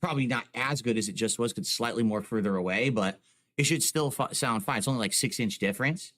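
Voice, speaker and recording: With a fast, mid-range, slightly bright voice, a man casually talks to his live chat from home. He's close on a boom-arm desk mic and fills his explanations with "like" and "you know."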